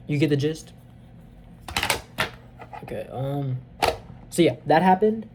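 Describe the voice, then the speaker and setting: A man with a fairly high voice, speaking slowly, recaps a film's plot like a casual reviewer. He's excitable and rambling, with lots of fillers and restarts, over slight background noise.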